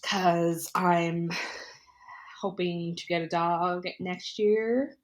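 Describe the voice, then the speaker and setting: Woman podcast co-host, casual chat, lower voice, laughs often, rambling and playful. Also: steady tone, very slow.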